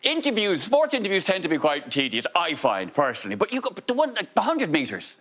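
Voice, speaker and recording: A man's voice: sits high, huge pitch swings, fast talker, a bit bright. A man, a comedian, grumbling through a dry, sarcastic stand-up routine. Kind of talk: stand-up routine on a panel show.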